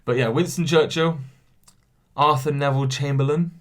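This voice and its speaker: A man's voice: fairly high pitch, fairly even intonation, moderate pace. A young man hosting a casual solo podcast, reading quiz questions aloud, stumbling over names and mocking himself. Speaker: podcast host.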